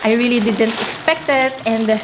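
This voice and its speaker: A woman's voice: on the high side, normal speed, background noise. A young Filipino woman with a Filipino accent, chatting casually to her viewers in a home vlog, emotional and teary, and pregnant. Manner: chatty, addresses viewers as "mga inday". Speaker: vlogger. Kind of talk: casual vlog chat in Taglish. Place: home indoors in the Netherlands.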